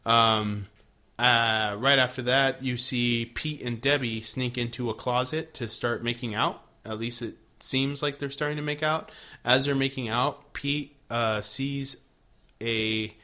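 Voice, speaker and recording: Male podcast co-host, bright and punchy tone, loose and profane while recapping. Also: medium pitch, steady tone, a little slow. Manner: laid-back, swears, acts out characters' lines. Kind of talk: casual recap chat.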